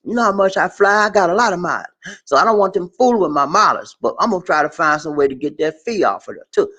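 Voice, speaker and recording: A man giving casual money advice in an animated way, laughing often and acting out phone calls. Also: high-pitched, fast talker, echoey room, low-quality recording. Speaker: personal finance vlogger.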